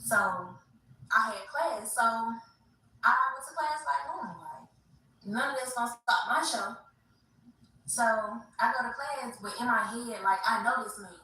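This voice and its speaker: Woman, livestream host, animated slangy storytelling, bright voice, echoey room, distant mic. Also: a little high, unhurried, a little hiss or hum. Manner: animated, slangy, addresses viewers as y'all. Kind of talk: casual storytelling to viewers.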